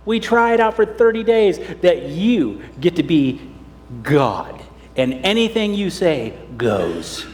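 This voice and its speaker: A pastor voicing scheming royal advisers who coax and flatter a king. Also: high voice, takes it slowly, a little hiss or hum, exaggerated voice. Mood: wheedling. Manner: wheedling, coaxing. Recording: long church hall reverb.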